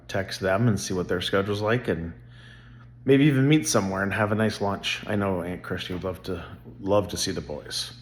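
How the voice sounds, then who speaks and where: Rambling earnest man, lowish voice. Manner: rambling, earnest, faith-minded talk. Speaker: vlogger. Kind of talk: casual vlog monologue.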